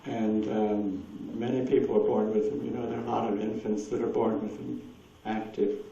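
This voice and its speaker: A man's voice: lowish voice, level tone, moderate pace, creaky, mellow. A man speaking at a talk, telling rambling stories and answering audience questions with frequent laughter. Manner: rambling anecdotal storyteller, laughs often. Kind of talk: lecture with audience Q&A. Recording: distant echoey room, dull lo-fi with hiss.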